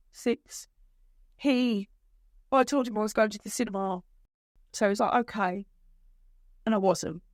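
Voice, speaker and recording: A middle-aged woman, a guest on a podcast, telling her story emotionally, with halting restarts. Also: on the high side, no echo, clean studio sound. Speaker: guest, bereaved mother. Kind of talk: podcast conversation.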